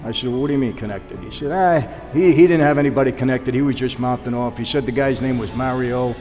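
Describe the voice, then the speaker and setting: A man appears as a guest in a storytelling interview, spinning long tales and animatedly acting out the dialogue of the people in them. His mid-range voice moves at a quick pace, recorded with long hall reverb and background music.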